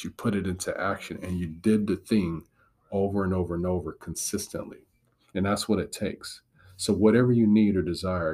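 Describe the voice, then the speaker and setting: A man's voice: deep voice, a little mellow, breathy edge. A man giving a devotional teaching talk as a Christian motivational speaker, earnest and encouraging, driving points home with repetition.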